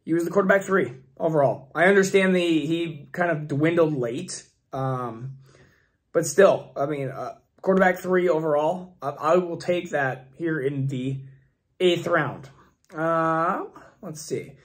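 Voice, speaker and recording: A man hosting a fantasy football channel, his voice hoarse and failing, rambling through mock draft picks in casual commentary. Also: on the high side, a little slow. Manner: rambling, restarts often, thinks aloud.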